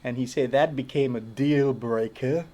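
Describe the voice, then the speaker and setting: A man's voice: medium pitch, steady tone, moderate pace, warm tone. A man who plays in a touring band, telling stories as an interview guest and animatedly acting out the voices he quotes. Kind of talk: storytelling in an interview.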